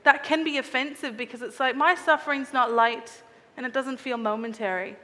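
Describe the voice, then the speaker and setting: A woman's voice: high-pitched, moderate pace, fairly bright tone, long reverb tail. A woman preaching a sermon in an earnest, reflective way, often asking her listeners searching questions.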